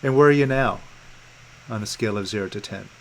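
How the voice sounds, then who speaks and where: A man guiding a client through letting go of feelings in a calm, coaxing way, repeating gentle prompts over a video call. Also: fairly low pitch, fast talker, low-quality recording. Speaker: meditation coach. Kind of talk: guided release coaching session.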